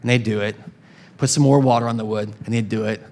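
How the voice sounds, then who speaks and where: A man's voice: lowish voice, fairly even intonation, fast talker, darkish tone. A man preaching a sermon as pastor, casual and conversational, with chuckles and restarts.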